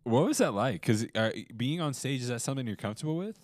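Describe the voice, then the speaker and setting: A man's voice: mid-range voice, lively intonation, fast talker, a little mellow, no room sound, studio quality. A young man hosting a casual podcast chat, rambling through fillers and restarts. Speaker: podcast host.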